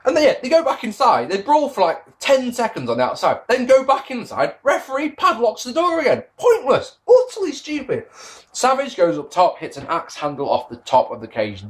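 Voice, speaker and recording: A man giving a casual spoken review, sarcastic and exasperated, swearing freely. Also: high-pitched. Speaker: wrestling reviewer.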